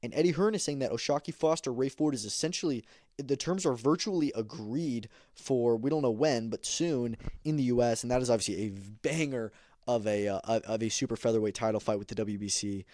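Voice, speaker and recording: A man's voice: mid-range voice, a little fast, darkish tone, dry recording, clean studio sound. A man hosting a podcast, giving casual, opinionated combat sports commentary with emphatic repeats and plenty of fillers. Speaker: podcast host.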